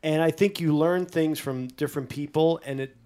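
Slightly high-voiced rambling man. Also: normal speed, darkish tone. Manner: earnest, rambling explainer. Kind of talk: casual chat.

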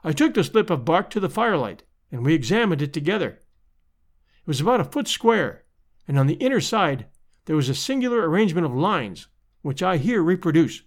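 A man narrating a storybook adventure in an expressive, measured way. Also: fairly high pitch. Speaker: audiobook narrator.

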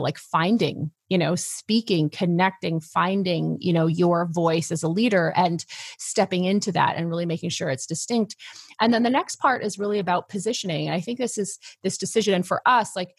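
Husky-voiced woman coach, dry sound. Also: on the low side, brisk, no room sound. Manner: energetic, emphatic explaining with frequent laughs. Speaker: business coach guest. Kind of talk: casual podcast interview.

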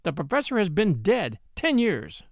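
A man voicing a grieving elderly widow in a storybook reading, speaking low, slow and solemn. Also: huge pitch swings, no room sound, clean studio sound, heavily acted. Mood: sudden fury.

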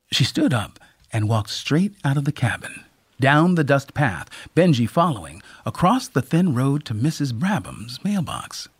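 A storyteller reading a story aloud, unhurried and expressive. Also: medium pitch, slightly rough, dry recording, studio quality. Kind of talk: storybook narration.

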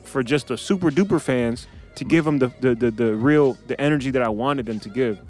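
A man's voice: mid-range voice, a little fast, a little mellow, soft background music. A man hosting a podcast in a studio room, chatting and telling stories playfully and laughing often. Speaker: podcast host. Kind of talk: casual chat.

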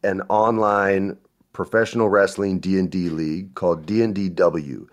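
A male podcast host tells stories in a casual chat, speaking at normal speed in a low-pitched voice. He's animated and acts out the voices of the people he quotes. The audio sounds dull.

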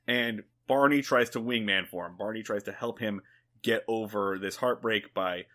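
A man's voice: lowish voice, moderate pace, a bit bright. A man co-hosting a podcast in laid-back, profane casual chat, with plenty of fillers. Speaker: podcast co-host.

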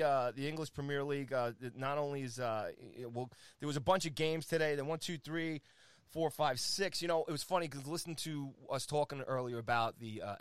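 Energetic man running a sports rundown. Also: mid-range voice, clean tone, dry recording. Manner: energetic and playful, lots of fillers, teasing his co-host. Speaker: sports segment host. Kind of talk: casual sports rundown on a talk show.

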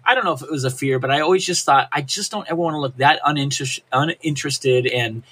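A man's voice: mid-range voice, fast, bright, forceful tone, husky. An older man from Reno, a punk musician guest, talking casually in a podcast interview with many restarts and "you know"s. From Reno, Nevada, USA.

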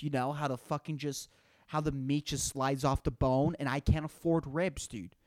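A man's voice: fairly high pitch, darkish tone, dry recording. Rambling, profane man in his twenties. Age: 20s. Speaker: podcast host. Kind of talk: casual solo podcast rant.

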